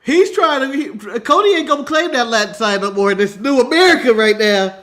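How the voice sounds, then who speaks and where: A man's voice: very high-pitched, lively intonation, fairly quick, fairly bright tone. A man co-hosting a wrestling podcast in casual chat, laughing often and making mock-grandiose declarations. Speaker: podcast co-host.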